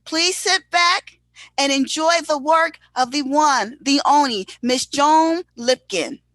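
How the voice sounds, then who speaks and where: A woman's voice: high-pitched, takes it slowly, a bit bright, no echo. A woman hosting a show, introducing the next performer with effusive enthusiasm over a video call. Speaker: host. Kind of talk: casual introduction.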